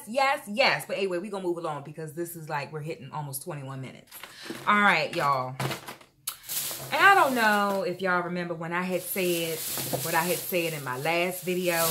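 A woman chatting casually to her viewers in an animated haul vlog, calling them y'all and feeling a little unwell. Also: fairly low pitch, slight background noise. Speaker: vlogger.

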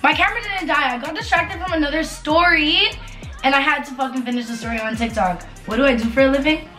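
A woman with a fairly high voice rants through a casual storytime, cursing freely and hammering her points with repetition. She sounds roomy and echoey, with faint music underneath. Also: quick pace. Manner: animated and profane, with emphatic repetition. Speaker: vlogger telling a story. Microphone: camera mic.

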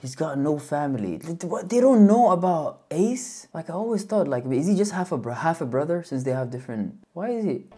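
This is a woman hosting a reaction video with a deep, low voice. Her pitch jumps up and down constantly as she reacts. She talks in casual slang and laughs often. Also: animated, a little fast, few pauses, warm tone, breathy edge.

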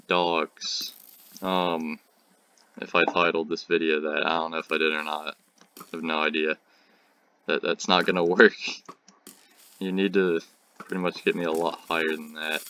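Deep-voiced and sounding pushed and bright, a teen gaming host narrates his gameplay casually. He rambles, cracks jokes, and answers back to on-screen enemies.

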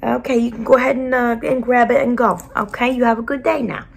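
A woman voicing a brash, blunt school counselor with a New Jersey accent, in a whispered role-play. She talks with a breathy, soft voice and keeps calling the listener sweetie. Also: a little high, steady tone, quick pace. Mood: blunt, soothing.

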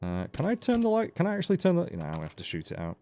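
A man's voice: fairly high pitch, huge pitch swings, rapid-fire, mellow, slight background noise. A man giving casual, joking game commentary as a let's play host, with frequent swearing. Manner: chatty, joking, swears freely.

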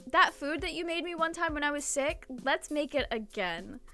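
A woman lightly voicing a breezy, playful aristocratic dad with a bright, high, cheerful tone. He sounds coaxing and upbeat, with faint music playing behind. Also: expressive, moderate pace. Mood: cheery coaxing.

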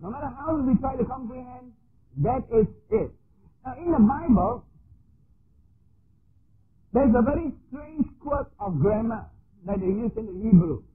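A man preaching a sermon, teaching slowly and deliberately with repeated examples. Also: very high-pitched, animated, husky. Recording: tinny phone-like archive recording with faint hiss.

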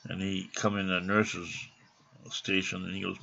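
Gravelly, rambling man telling a story. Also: deep voice, level tone, unhurried, bright, forceful tone. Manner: rambling, profane, indignant. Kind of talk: casual personal story. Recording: dull lo-fi recording.

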